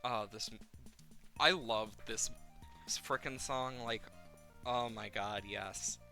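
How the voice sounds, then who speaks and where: Male game streamer, playful and rambling, slow pace, faint game music behind. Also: lowish voice. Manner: rambling, playful, easily excited. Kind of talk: live game streaming chat.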